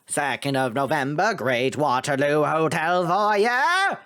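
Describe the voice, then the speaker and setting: Brief: male streamer, lively, rambling, curses freely, animated pitch. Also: takes it slowly, a little hiss or hum. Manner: excitable, swears freely, rambling asides. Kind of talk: casual let's-play commentary.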